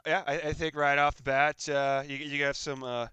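A man's voice: fairly high pitch, little pitch movement, normal speed, pushed and bright, smooth, no room sound. A man co-hosting a casual podcast, talking in a friendly, easygoing way. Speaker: podcast co-host.

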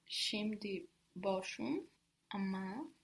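Slow, careful woman learner. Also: medium pitch, expressive, creaky, rough recording. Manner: careful, unhurried answers. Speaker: language student.

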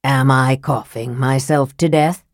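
A woman reads a sickly young male wizard in a low, hushed register. He is cold and scathing. The sound is dry and close to the mic. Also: fairly even intonation, a little slow, no echo.

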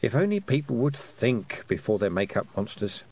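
A man voicing a brisk, sharp-tongued woman who is a witch and a teacher, lecturing precisely in an audiobook. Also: medium pitch, very animated, breathy edge. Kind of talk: audiobook character voice.

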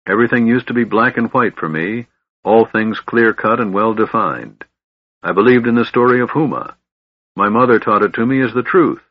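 A man's voice: on the low side, lively intonation, normal speed, dry recording, muffled recording, voice pushed up. A man voicing a bitter, honor-bound young knight with a grave, brooding delivery.

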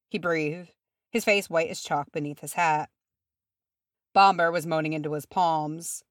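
Woman audiobook reader, low voice, even storytelling, dry close mic. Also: measured pace, pauses often, dry recording. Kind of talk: fan fiction narration.

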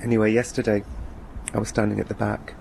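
Deadpan man telling a wry story. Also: lowish voice, fast talker, gravelly, a little hiss or hum. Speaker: presenter. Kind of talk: wry first-person radio essay.

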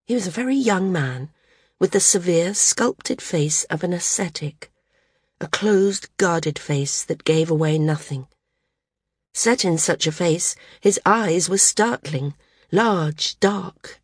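A woman reads a novel in measured, even narration. Her voice is fairly low and has a husky texture. The recording is dry and close, with no room sound. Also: no room sound. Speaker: audiobook narrator. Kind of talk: scripted narration.

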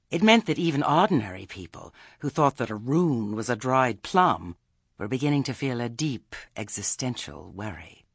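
Guy reading a fantasy audiobook, wry and animated, kinda husky. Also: fairly low pitch, dry recording. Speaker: audiobook narrator. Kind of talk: storybook narration.

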